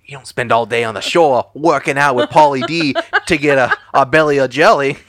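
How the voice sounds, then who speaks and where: A man's voice: medium pitch, fairly quick, fairly bright tone, no room sound. A man co-hosting a casual movie podcast, recapping the plot with jokes and silly voices. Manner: jokey, throws in silly character voices. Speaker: podcast co-host.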